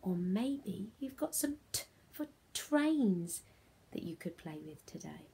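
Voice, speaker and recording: A woman's voice: mid-range voice, sing-song, slow pace, vocal fry, warm tone, slightly rough. A woman teaching a phonics lesson to young children, speaking in a sing-song, encouraging way that often drops to a whisper.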